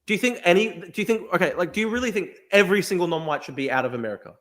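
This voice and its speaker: A man with a high, quick voice argues in a heated debate, sounding exasperated. He keeps stammering, restarting his sentences and saying "dude". He is from Australia. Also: fairly bright tone. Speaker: podcast host.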